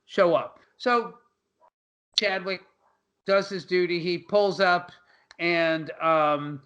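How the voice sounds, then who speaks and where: Male podcast co-host with a high, bright voice, loose and profane while recapping films. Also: fairly even intonation, very slow, muffled recording. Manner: loose, profane, laughing storyteller. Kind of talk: casual movie-recap chat.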